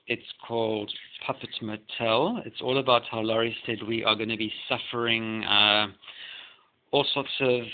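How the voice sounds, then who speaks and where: Gravelly man on a tinny home mic. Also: medium pitch. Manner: chatty and easily sidetracked, breaking off to talk to his pets. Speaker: video blogger reading song lyrics. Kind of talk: casual home vlog chat. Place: home, at his computer desk. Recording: tinny lo-fi phone-like sound.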